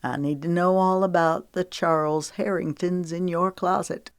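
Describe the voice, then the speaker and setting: A woman's voice: fairly low pitch, steady tone, moderate pace, smooth, no echo, clean studio sound, close to an everyday voice. Woman doing a teasing young man.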